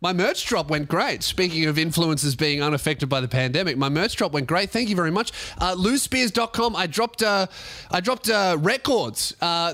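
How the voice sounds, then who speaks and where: A young man with an Australian accent and a notably high speaking voice, hosting a casual podcast. He rants sarcastically and swears freely as he talks. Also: bright, forceful tone. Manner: profane, ranting, sarcastic. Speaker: podcast host and comedian.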